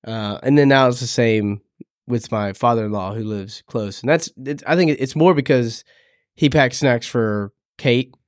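A man co-hosting a podcast, chatting casually in a hesitant, halting way. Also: mid-range voice, no room sound, studio quality. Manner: hesitant, halting, many restarts and fillers. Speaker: podcast co-host. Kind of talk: casual chat.

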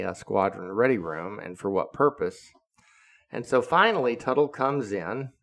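Older male podcast host, low gravelly voice, salty storyteller who acts out the dialogue. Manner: profane, acts out quoted dialogue. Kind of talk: casual storytelling.

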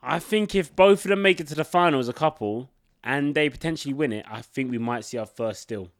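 A man's voice: a little high, brisk, no echo, clean studio sound. A man hosting a casual chat, asking teasing, probing questions. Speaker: host.

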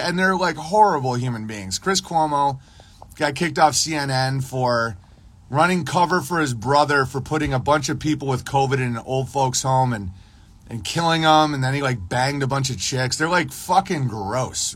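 A man's voice: medium pitch, unhurried, a bit bright. A man hosting a casual livestream, talking in a rambling monologue full of restarts and acted-out dialogue. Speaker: podcast host.

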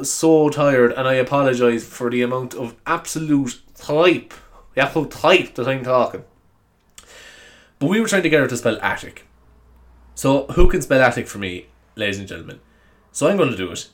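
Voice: medium pitch, expressive, normal speed. A young adult podcaster with an Irish accent, chatting alone in a rambling, self-mocking way and laughing often. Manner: self-mocking, giggly, apologetic. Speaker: podcast host. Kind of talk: rambling solo podcast chat.

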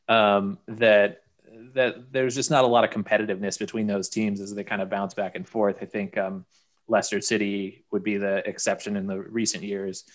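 A man's voice: on the low side, flat delivery, moderate pace. A young man on a sports podcast, speaking hesitantly with many ums. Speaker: podcast co-host. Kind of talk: casual sports chat.

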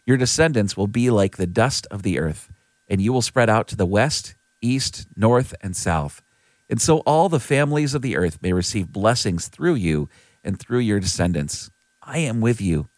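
A man reading aloud the words of God making a solemn promise, in a steady, measured way. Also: lowish voice, no room sound, natural voice.

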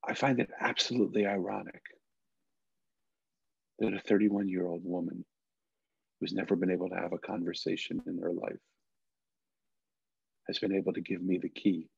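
A middle-aged man, an interview guest, telling a personal story earnestly with halting restarts, in a dull lo-fi recording. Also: low voice, steady tone, creaky, darkish tone, slightly rough, dry recording.

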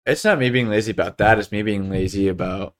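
Young american guy, low-ish voice, rambly relaxed podcast chat. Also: fast. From United States. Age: young adult. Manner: relaxed, laughs often, trails off with fillers. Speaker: podcast co-host. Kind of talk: casual chat.

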